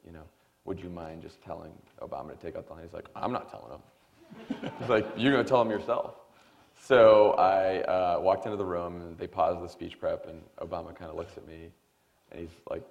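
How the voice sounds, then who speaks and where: A man in his thirties, a guest at a forum, telling a long anecdote in a lively way and acting out the other people. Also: deep voice, gravelly. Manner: animated anecdotal storytelling with quoted voices. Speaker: guest, former speechwriter. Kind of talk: storytelling in a forum conversation. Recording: dull lo-fi sound.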